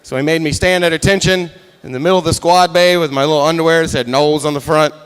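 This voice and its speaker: Male comedian on stage, high, bright, clear voice, animated storyteller. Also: fast talker. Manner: animated storytelling, acts out drill instructor. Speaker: stand-up comedian. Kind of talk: stand-up set. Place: comedy stage before a live audience.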